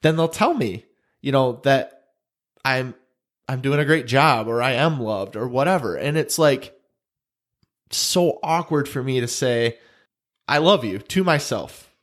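A man's voice: medium pitch, measured pace, pauses often. A man, co-hosting a podcast in casual chat, earnest and emotional, often repeating his words. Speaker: podcast co-host.

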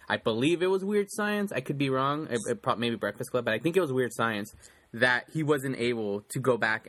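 Man, podcast host, casual banter, bright ringing voice, rambling. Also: mid-range voice, no echo. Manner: rambling, teasing, laughs a lot. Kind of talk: casual chat.

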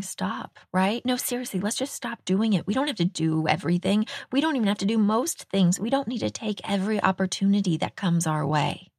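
A woman's voice: fairly low pitch, creaky, a little mellow, breathy edge, no echo, studio quality. A middle-aged woman from Texas hosting a podcast, chatting in a casual, self-deprecating way and laughing often. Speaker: podcast host.

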